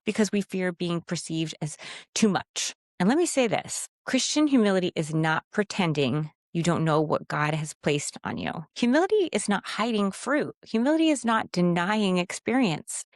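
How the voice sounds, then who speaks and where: A Christian speaker and coach gives a direct, emphatic faith-based teaching monologue on speaking with authority, in an expressive, medium-pitched voice at a moderate pace. She sometimes acts out timid phrasings in a raised voice, and the clean studio sound has no room echo.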